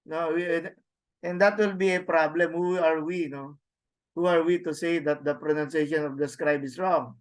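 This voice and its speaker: A man's voice: on the high side, fairly even intonation, normal speed, clear, resonant tone. A man teaching a Greek class online over a video call, explaining step by step with many restarts and fillers.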